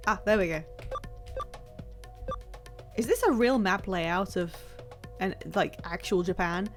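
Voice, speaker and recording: Taking her time and pausing often, a woman with a medium-pitched voice streams a game live as faint music plays behind her. She jokes around and talks with her chat while playing, keeping things casual.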